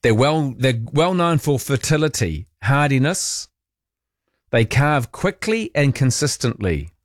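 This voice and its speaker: A man's voice: mid-range voice, big pitch swings, measured pace, no echo, clean studio sound. A man hosting late-night talkback radio, chatting and reading out listener texts. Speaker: overnight radio host.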